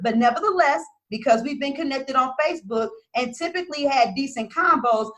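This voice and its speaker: High voiced woman coach ranting casually to followers, blunt, swears a lot. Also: a bit bright. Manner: blunt, profane, emphatic. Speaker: business coach.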